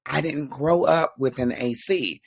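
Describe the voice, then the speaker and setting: A man, chatting as a guest and telling stories in an animated, teasing way. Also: a little high, measured pace, vocal fry, breathy edge. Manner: animated, playful storyteller, teasing. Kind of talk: casual chat.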